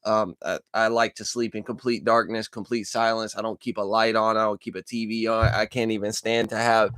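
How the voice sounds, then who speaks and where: A man hosting a casual dream-journal vlog from a dark room at his computer, talking into a desk microphone in a rambling, profane way with lots of fillers and restarts. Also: fairly low pitch, flat delivery, a little fast, clear, resonant tone, dry recording, studio quality. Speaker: channel host.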